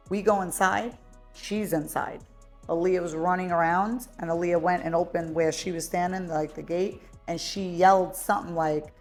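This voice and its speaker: A woman hosting a podcast, telling a story in casual chat. She is blunt and profane, and she gets loud when she is heated. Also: lowish voice, moderate pace, faint music behind. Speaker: podcast host.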